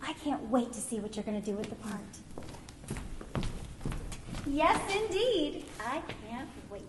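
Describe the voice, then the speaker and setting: A woman's voice: high-pitched, very animated, a little slow, echoey room, noisy background. A woman playing a gracious, gushing theater executive producer in a community radio play. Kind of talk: amateur radio play acting.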